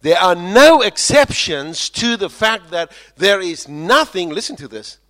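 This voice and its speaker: Man preaching a sermon, from South Africa, slightly high voice, very slow delivery, dramatic swings between loud and hushed. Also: sing-song. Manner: dramatic swings from loud emphatic lines to quiet low ones; slows down heavily for emphasis, repeats phrases.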